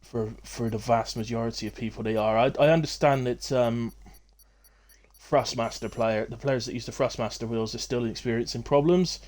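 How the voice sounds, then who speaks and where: A man's voice: medium pitch, fairly even intonation, normal speed, darkish tone. A middle-aged man hosting a racing-league live stream in casual talk, rambling and self-deprecating with many fillers and restarts.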